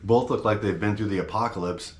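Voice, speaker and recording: A man's voice: lowish voice, a little fast, roomy sound, a little hiss or hum. A man hosting his own channel, talking straight to camera in a blunt, slangy, fired-up rant. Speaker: channel host.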